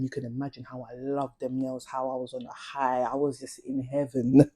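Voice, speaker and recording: A woman's voice: a bass voice, mellow, breathy edge. A young adult woman, chatting casually and confidingly about her past in slang-heavy storytelling. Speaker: vlogger.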